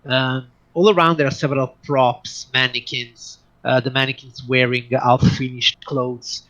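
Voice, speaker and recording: A man runs a tabletop game as game master. He narrates slowly and in a halting way, often filling the gaps, at an ordinary pitch. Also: level tone, fairly bright tone, dull audio. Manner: halting, many fillers.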